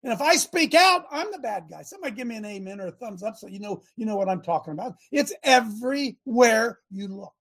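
A man hosting a talk show in a preachy, rambling rant. He swings from loud outbursts to low asides and restarts his sentences often. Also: animated, brisk, hardly any pauses. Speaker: show host.

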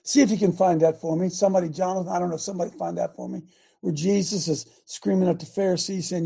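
An older man hosting a talk radio show, delivering a fiery, repetitive preachy rant that rises to shouts. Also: high-pitched, fast, gravelly, husky.

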